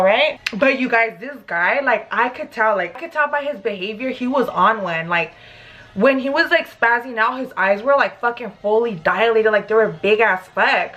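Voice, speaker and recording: A young woman vlogger telling a story casually while doing her makeup, animated and profane, with constant "like" fillers. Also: fairly high pitch, moderate pace, lo-fi sound. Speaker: beauty vlogger.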